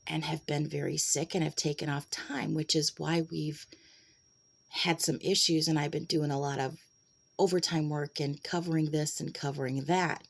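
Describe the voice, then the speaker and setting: A middle-aged woman talks straight into a handheld camera, retelling a run-in in a loose, chatty way. Her voice sits a bit low for a woman. Now and then she slips into hushed asides before picking the story back up. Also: vocal fry. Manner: chatty, retells conversations and drops into whispered asides. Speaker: vlogger.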